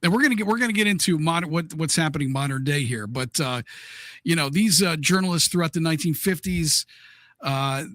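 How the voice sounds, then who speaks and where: A man explaining history in a relaxed podcast chat. His voice sits a little high and he restarts now and then. The recording is close and dry. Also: a little fast, no room sound. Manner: steady explainer, hesitant restarts. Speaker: podcast co-host.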